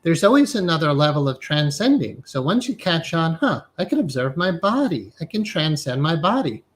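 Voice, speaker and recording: A man's voice: a little high, big pitch swings, normal speed. A middle-aged man, a hypnotherapy instructor, giving a live-streamed spiritual lecture in a reflective manner, often checking in with "right?" and leading inner exercises. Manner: reflective, frequently asks "right?" and uses guided inner exercises.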